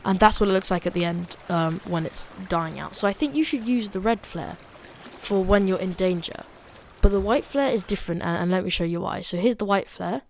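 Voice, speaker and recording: A student woman giving a casual, chatty review of a game update, excitable and full of fillers. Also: mid-range voice, brisk, vocal fry, a little hiss or hum. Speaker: gaming video creator.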